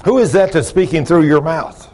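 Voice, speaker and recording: An older man preaching a folksy sermon, talking loud and gruff, telling plain-spoken stories and asking the congregation questions. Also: on the high side, moderate pace. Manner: loud, gruff, rising into shouts when acting out stories; plain-spoken, ungrammatical storytelling with audience questions.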